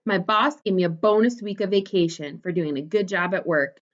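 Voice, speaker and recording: A woman's voice: fairly low pitch, moderate pace, close to an everyday voice. A woman voicing a jolly, joking family father in a read-aloud storybook, hearty and playful. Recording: dull lo-fi recording.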